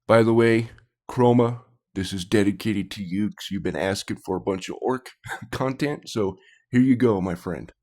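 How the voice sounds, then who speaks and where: A man with a lowish voice talks in a loose, casual way as he hosts a reaction video. He drops quick asides and small apologies between comments, and he sounds relaxed and unscripted. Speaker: reaction channel host.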